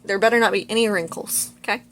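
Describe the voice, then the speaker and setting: A woman's voice: mid-range voice, quick pace, fairly bright tone, close to an everyday voice. A woman voicing a controlling, fussy young man in a retold movie scene, with little change from her own voice. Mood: insistent.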